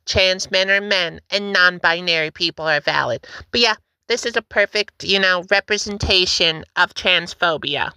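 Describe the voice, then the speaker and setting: Bright, chatty woman reacting to memes. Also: fairly low pitch, no room sound. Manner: joking, chatty, puts on quick voices for quoted posts. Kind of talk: casual reaction commentary.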